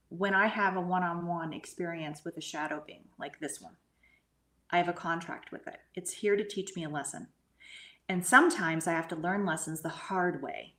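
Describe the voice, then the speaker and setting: A middle-aged woman telling a personal spiritual experience in an earnest way, sometimes sinking to a hushed whisper. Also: on the low side. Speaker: guest medium and energy healer. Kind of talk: conversational storytelling.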